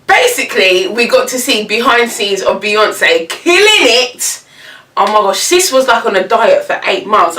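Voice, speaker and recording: A young woman talks in an animated, slangy vlog chat and breaks into laughter often. Her voice is bright and forward. She sits a little back from the mic in a room with noticeable echo. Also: on the high side, recorded from a distance. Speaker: vlogger. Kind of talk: casual chat.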